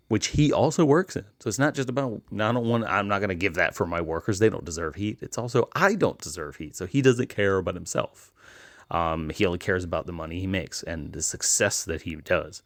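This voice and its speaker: Low-voiced man with frequent ums. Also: gravelly, no echo, studio quality. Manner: relaxed, frequent ums and restarts. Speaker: host, comic book retailer. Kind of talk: casual solo recommendation talk.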